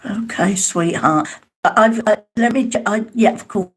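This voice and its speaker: A woman's voice: medium pitch, moderate pace. A woman giving a live spirit mediumship reading, hesitant and calling her listeners darling and sweetheart.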